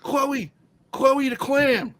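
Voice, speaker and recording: A man voicing a heartbroken man who whines and cries in a high voice. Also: fairly even intonation, moderate pace, fairly bright tone. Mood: whiny. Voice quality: high whining. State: crying.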